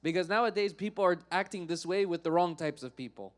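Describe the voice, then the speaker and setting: A man giving a Friday sermon, telling a story in an animated way and acting out the characters. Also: sits high, fast talker.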